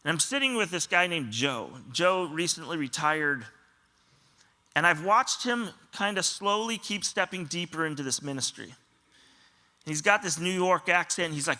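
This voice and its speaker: A man's voice: fairly high pitch, animated, normal speed, bright, forceful tone. A man pastor giving a sermon, telling stories earnestly and often quoting other people. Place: church auditorium.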